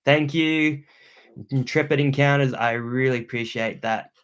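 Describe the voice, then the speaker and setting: A man's voice: mid-range voice, steady tone, a little slow, fairly bright tone, smooth. A young Australian man hosting a livestream from a room at home, reading viewer comments aloud and thanking them in laid-back slang. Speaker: outdoor channel host.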